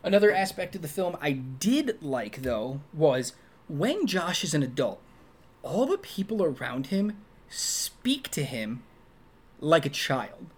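A man co-hosting a casual movie review chat, talking animatedly and acting out quoted lines in a high voice. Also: big pitch swings, slow, husky. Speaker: podcast co-host.

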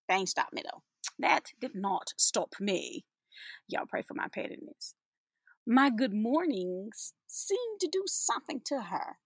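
A sassy, playful woman delivers an inspirational spoken-word monologue with a husky, breathy edge to her fairly high voice. She takes her time, drawing out words for emphasis and laughing often. The sound is close and dry. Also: no room sound. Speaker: teacher.

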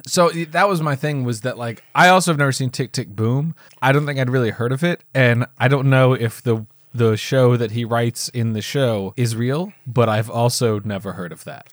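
A man's voice: medium pitch, moderate pace, few pauses, no room sound, clean studio sound. A man co-hosting a film review podcast, chatting casually in a rambling, self-interrupting way and laughing easily. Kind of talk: casual chat.

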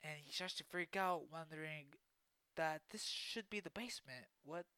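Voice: mid-range voice, moderate pace, pushed and bright, clean tone, no echo. A podcast host narrating a spooky story in an improvised way, with spoken sound effects and frequent restarts.

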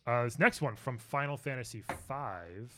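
A man's voice: mid-range voice, lively intonation, normal speed, noisy background. A man hosting a casual comedic chat, playful and tripping over his restarts. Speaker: host.

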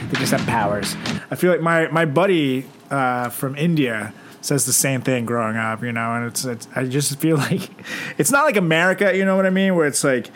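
A young man co-hosting a casual podcast, crude and joking, often acting out loud voices. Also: medium pitch, moderate pace, over music. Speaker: podcast co-host.

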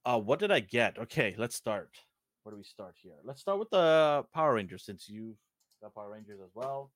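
A man's voice: medium pitch, normal speed, no room sound. A middle-aged man from Fiji co-hosting a podcast, chatting casually and acting out the people in his stories. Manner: animated storyteller, acts out dialogue. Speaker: podcast co-host. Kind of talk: casual chat.

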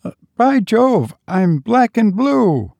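A nervous gentleman, as a male narrator puts him on in a raised, strained voice, joking with forced cheer and an edge of snarl underneath. The voice lifts well above the reader's own and carries a gravelly edge. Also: sits high, big pitch swings, takes it slowly, no echo, pitched above the performer's own voice, heavily acted. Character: nervous, uneasy man dragged along.

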